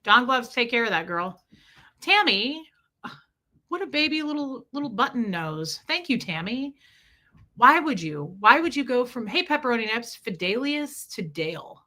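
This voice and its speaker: A woman's voice: on the high side, big pitch swings, normal speed, bright, forceful tone. A woman chatting casually on a livestream, rambling from story to story and greeting viewers by name.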